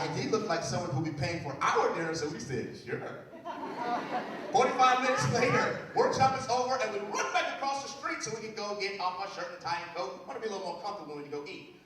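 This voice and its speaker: A man giving a motivational speech to students, telling stories with dramatic pauses and lively acted quotes. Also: high voice. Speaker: motivational speaker. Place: large school hall or gym. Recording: very echoey hall, far-off mic, faint noise.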